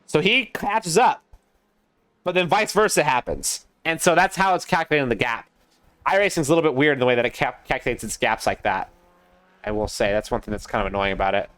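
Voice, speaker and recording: A young man casting a sim racing league live, chatty and excitable, talking to his co-caster and to the chat. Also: mid-range voice, fairly quick, clean tone, no echo, studio quality. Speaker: race caster.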